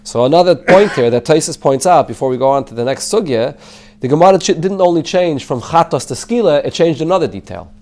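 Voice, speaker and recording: Male rabbi teaching a Talmud class, slightly raised pitch, translates and explains line by line. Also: animated, brisk, darkish tone. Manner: explains in English mixed with Hebrew and Yiddish terms; translates the Aramaic text line by line.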